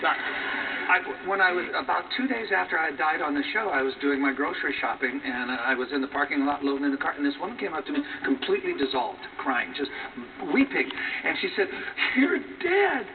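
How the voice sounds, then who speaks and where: A man's voice: fairly high pitch, brisk. A man, an actor guest on a talk show, chatting earnestly through his anecdotes. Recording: distant tinny TV broadcast capture, hissy.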